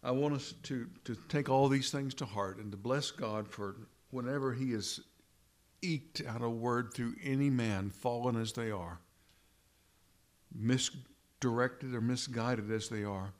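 Slow, deliberate preaching man. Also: mid-range voice. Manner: addresses listeners as brethren. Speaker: pastor. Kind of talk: sermon.

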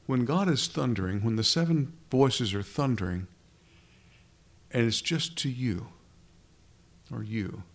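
A man's voice: mid-range voice, lively intonation, a little slow, long pauses. Male preacher, mid-range voice, talks to the room casually, stumbles and restarts often. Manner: conversational, addresses listeners directly, frequent restarts. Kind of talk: sermon.

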